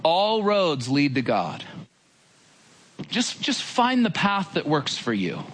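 Guy putting on a chill smooth-talking deceiver voice, laid back, soothing, lively up and down, bit of hiss behind. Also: a little high, slow, heavily acted. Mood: reassuring. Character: smooth-talking false voice of reassurance, male.

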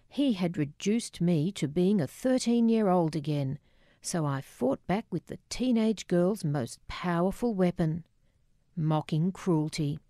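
A woman's voice: on the low side, warm tone, no room sound. Woman reading her memoir aloud, reflective and a bit wry, takes her time, dry close studio sound. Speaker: narrator. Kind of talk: memoir audiobook narration.

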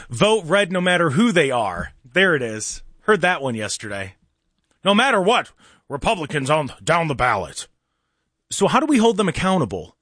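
A man's voice: fairly high pitch, very animated, moderate pace, a bit bright, no room sound, studio quality. A male talk show host delivering a combative, sarcastic opinion monologue full of rhetorical questions.

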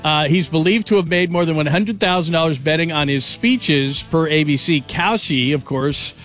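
A man's voice: on the high side, normal speed, a bit bright, soft background music. Upbeat man hosting sports radio. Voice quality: enthusiastic, repeats superlatives.

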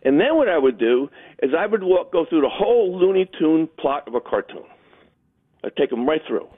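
A male caller tells jokes and stories with a lively, swinging pitch. His voice sits a little high for a man. The sound is thin and tinny, as over a phone line. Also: normal speed. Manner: animated joke-telling. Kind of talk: phone-in storytelling.

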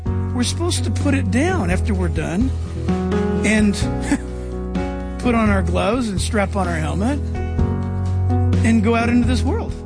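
A man preaching a sermon as a pastor, animated and playful, acting out the voices of Bible figures as he tells the story. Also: sits high, slow, pauses often, loud music behind the voice.

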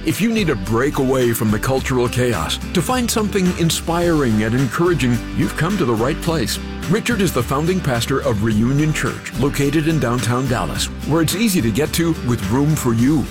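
A man's voice: mid-range voice, expressive, normal speed. A man announcing a program in an upbeat, promotional scripted introduction. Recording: announcement over guitar music.

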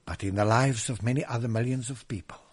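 A man preaching a sermon, swinging from loud proclamation to hushed whispers and drawing out scripture verses emphatically. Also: medium pitch, slightly rough. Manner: drawn-out emphatic reading of scripture.

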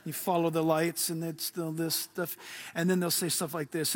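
A man delivers a pastor's sermon in a fairly high register. His tone is bright and forward, and he tells stories in a lively way with frequent laughter. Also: a little slow. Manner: lively storytelling, laughs often.

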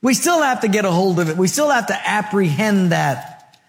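High-voiced preacher giving a sermon. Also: male voice, sing-song, normal speed, big-room sound, slight background noise. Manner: rhythmic, rhetorical, humorous storytelling. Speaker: pastor.

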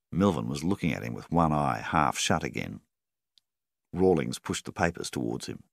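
A man narrating a story in a measured, steady reading style. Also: very deep voice, creaky, no echo, clean studio sound. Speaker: audiobook narrator. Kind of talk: scripted narration.

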